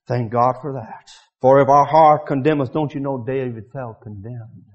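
Fiery revival preacher man, dull lo-fi recording. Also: medium pitch. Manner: rises to shouted, drawn-out climaxes, then drops to quiet. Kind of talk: sermon. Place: church.

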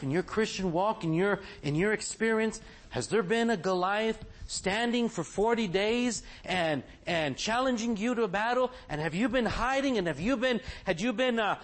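A man preaching a sermon, asking his listeners question after question. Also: high-pitched. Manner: animated, asks the congregation many questions.

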